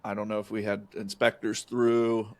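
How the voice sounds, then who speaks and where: A man's voice: on the low side, little pitch movement, normal speed. A man co-hosting a casual podcast chat, talking in a rambling, folksy way with lots of fillers and restarts. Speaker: co-host, real estate agent.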